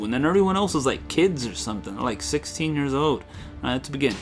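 A man's voice: medium pitch, big pitch swings, fast talker, soft background music. A young man hosting a game playthrough, crude, joking and rambling as he plays. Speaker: let's play host. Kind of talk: comedic game commentary.

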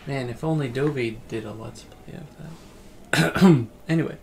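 A man's voice: medium pitch, measured pace, vocal fry, a little mellow. A man streaming a game casually, rambling as he plays and reading chat messages aloud.

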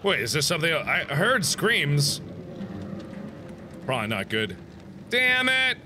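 A young man in his twenties doing let's play commentary, loud, theatrical and jokey, often breaking into shouts. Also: fairly high pitch, sing-song, measured pace, a little hiss or hum. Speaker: gaming host.

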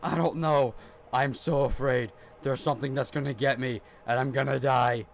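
Steady in tone and creaky, this teen's medium-pitched voice moves at a normal speed. The young gaming YouTuber plays a horror game in his stuffy, hot bedroom, muttering nervously and repeating himself while running.

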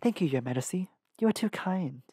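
A man voicing a scheming flattering noblewoman. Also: high voice, brisk, slightly rough, dry recording, studio quality, voice pushed up.

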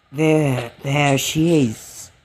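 A man giving casual, rambling commentary while playing a game, gasping and getting excited at cute animals. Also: on the high side, drawn-out words, a little hiss or hum. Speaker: let's play gamer.

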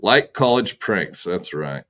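A man closes out his livestream in a slow, unhurried drawl. His voice sits low, and he talks in a laid-back, crude, joking way into a desk mic. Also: sing-song, fairly bright tone. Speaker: streamer host. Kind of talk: casual livestream sign-off.

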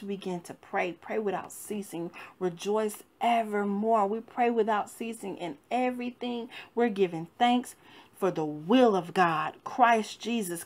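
Woman, minister, devotional sermon, fervent, emphatic swells, soft grieving passages. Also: mid-range voice. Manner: fervent, rising and falling with emphasis.

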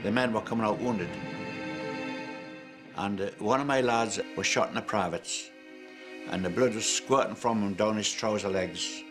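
A man's voice: on the low side, moderate pace, pauses often, music in the background. An older man recalling wartime in an interview, plain and matter-of-fact. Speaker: veteran interviewee. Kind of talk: reminiscing interview.

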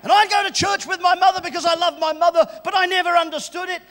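A man preaching a sermon at a church service, exuberant and shouting and joking with the congregation. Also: very high voice, flat delivery, quick pace, long reverb tail, a little hiss or hum.

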